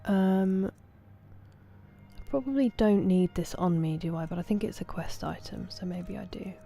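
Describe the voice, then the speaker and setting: A woman, casually chatting with viewers on a game stream, thanking them by name and sometimes dropping to soft murmurs. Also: medium pitch, normal speed, creaky, soft background music. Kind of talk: casual livestream chat.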